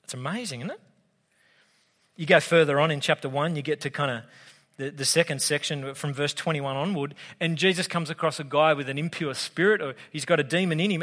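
Casual Australian preacher in a reverberant hall. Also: male voice, fairly high pitch, a bit bright. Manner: casual, conversational, humorous asides. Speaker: pastor. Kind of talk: sermon.

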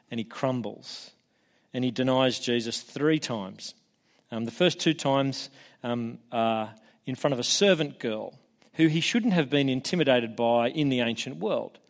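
A man preaching a sermon in an animated way, acting out the voices he quotes and often restarting his words. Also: mid-range voice. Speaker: pastor.

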